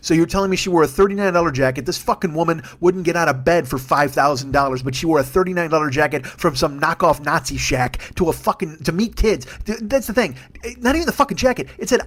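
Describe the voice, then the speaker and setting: Fast-talking, exasperated comedian ranting. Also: male voice, sits high, animated. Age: 40s. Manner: profane, exasperated ranting with mocking impressions. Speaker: podcast host. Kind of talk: solo comedy rant.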